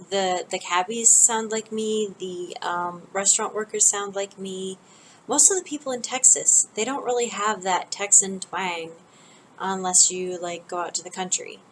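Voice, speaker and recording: A woman's voice: mid-range voice, fairly bright tone, slight background noise, rough recording. Chatty American woman vlogging. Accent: General American. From northern United States, near Canada. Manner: chatty and rambling, with many ums and restarts. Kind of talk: casual storytelling vlog.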